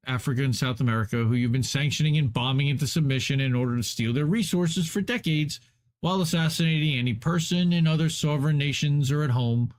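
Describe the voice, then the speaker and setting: Emphatic man reading an article aloud. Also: on the high side. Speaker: live stream host.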